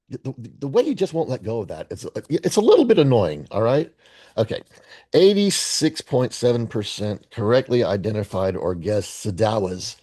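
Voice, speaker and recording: A man's voice: medium pitch, very animated, moderate pace, dark tone. A man hosting his daily movie guessing game video, talking casually with rambling, profane sarcasm and stammered restarts. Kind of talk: casual solo commentary.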